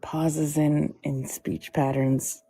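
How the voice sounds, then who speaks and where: A woman's voice: deep voice, level tone, drawn-out words, mellow, breathy edge, no room sound. A woman co-hosting a casual live stream, easygoing and often laughing. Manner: giggly, easygoing. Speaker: co-host.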